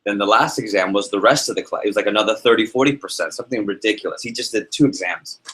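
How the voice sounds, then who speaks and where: A man's voice: lowish voice, fast talker, poor audio. A man leading a live sales workshop to an audience in a meeting room, telling stories and asking the room questions. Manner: energetic, storytelling, asks the audience questions. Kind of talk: live motivational workshop talk.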